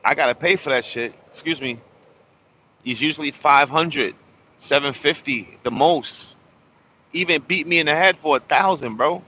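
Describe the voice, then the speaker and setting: A weary truck driver rambles through a story, circling back and repeating himself. His voice sits fairly high and bright. The audio is muffled and lo-fi, recorded from inside his vehicle. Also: moderate pace, a little hiss or hum. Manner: tired, rambling, repeats words. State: tired. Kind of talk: casual storytelling vlog.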